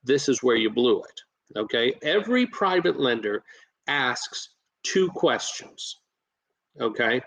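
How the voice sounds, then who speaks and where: A man who invests in real estate, talking as a podcast guest and coaching listeners in a lively way, with plenty of fillers and restarts. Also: mid-range voice, slow, gravelly, poor audio. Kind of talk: casual podcast storytelling.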